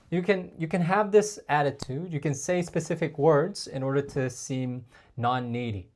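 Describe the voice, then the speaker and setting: A man's voice: fairly high pitch, moderate pace, a little mellow. Chatty man giving dating advice. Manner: chatty, addresses viewers as guys, frequent fillers. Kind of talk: casual advice talk to camera.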